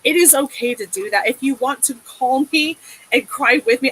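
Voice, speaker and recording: A woman's voice: sits high, moderate pace, sharp tone, slightly rough, rough recording. A woman giving a tarot reading in a casual, emotive way, swearing often and checking in with a soothing "okay?". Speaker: tarot reader.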